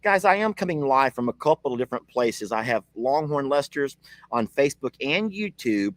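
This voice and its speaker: Lively man chatting on a ranch live stream. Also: medium pitch, normal speed, dry recording. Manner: chatty, laughs often, talks to his dogs and commenters. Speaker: ranch vlogger hosting a live video. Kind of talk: casual live-stream chat with viewers. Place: outdoors at a ranch.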